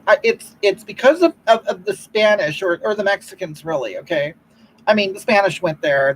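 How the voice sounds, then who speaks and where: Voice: a little hiss or hum, natural voice, low-quality recording. A performer playing a self-righteous older woman who hosts a livestream, rambling and preaching about love while reading the chat. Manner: rambling, keeps repeating "you know what?", swoops up and down in pitch. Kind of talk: comedic improvised livestream monologue.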